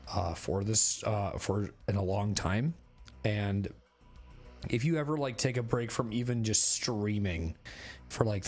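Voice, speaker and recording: A man streaming a game to his viewers, his voice hoarse and a little raspy, talking in a halting, rambling way full of fillers. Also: on the low side. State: hoarse, recovering voice. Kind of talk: casual chat to stream viewers. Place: bedroom at home.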